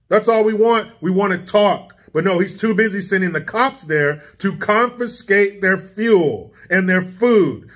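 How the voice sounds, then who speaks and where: A high-voiced man delivers a profane, combative political rant for his vlog. His tone is sarcastic and cutting, and he speaks from a home studio. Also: fairly bright tone. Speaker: vlogger, political commentator. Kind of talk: ranting political commentary vlog.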